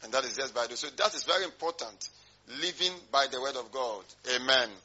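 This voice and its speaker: A man's voice: mid-range voice, expressive, brisk, sharp tone, slightly rough, highs cut off. A male pastor preaching a sermon, emphatic and rhetorical, drawing call-and-response from his congregation.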